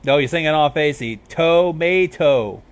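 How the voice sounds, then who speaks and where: A man's voice: fairly high pitch, very animated, brisk, voice pushed up. Vinyl, a man doing a brash vampire mare. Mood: coaching. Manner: casual, teasing, blunt.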